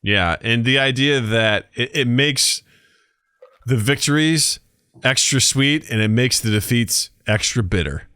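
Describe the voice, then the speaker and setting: Animated, dry-sounding male podcast host. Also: medium pitch, measured pace, clean tone, no echo. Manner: animated storyteller, acts out quotes. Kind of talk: casual chat.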